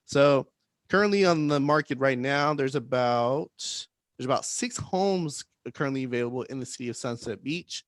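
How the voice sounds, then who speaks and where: An upbeat man co-hosts a casual podcast, cracking jokes and checking in with his partner. His voice sits at a middle pitch, and it comes across dry and close, with no room sound. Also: moderate pace, no room sound. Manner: upbeat and jokey, often tags lines with "right?". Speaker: podcast co-host, real estate agent.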